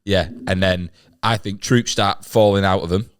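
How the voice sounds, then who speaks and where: A man's voice: low-pitched, steady tone, normal speed, clean tone. A man hosting a podcast who builds a comedy bit in loose, rambling, hesitant chat.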